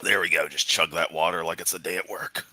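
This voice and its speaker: A man's voice: low voice, fairly even intonation, quick pace, bright, forceful tone, slightly rough, no room sound. A tired man streaming live, reading and mocking comments in a sarcastic, rambling way. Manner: sarcastic, rambling, with laughs and restarts. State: tired, yawning.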